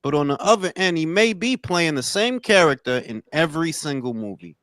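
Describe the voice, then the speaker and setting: Man host, high voice that swings a lot, slangy and emphatic, dry close sound. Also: animated, brisk, a bit bright, no room sound. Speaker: podcast host. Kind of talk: casual group chat.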